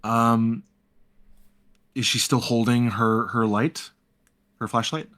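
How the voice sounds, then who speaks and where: A man's voice: medium pitch, level tone, slow, a bit bright. A man playing a character in a tabletop role-playing game, talking through his actions hesitantly with many fillers. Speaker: player.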